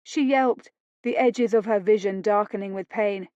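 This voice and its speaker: A woman narrating an audiobook romance in a slow, deliberate reading. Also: medium pitch, darkish tone, no room sound, dull audio.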